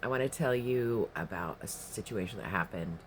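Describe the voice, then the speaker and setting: A man's voice: fairly low pitch, animated, normal speed, slight background noise. A man telling a personal story in a rambling, profane, emphatic way, with casual spoken delivery. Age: adult, past his teens.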